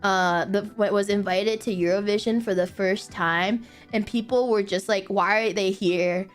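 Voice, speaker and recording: A woman streaming casual chat, animated and giggly, laughing often and swearing casually. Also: medium pitch, moderate pace, faint music behind.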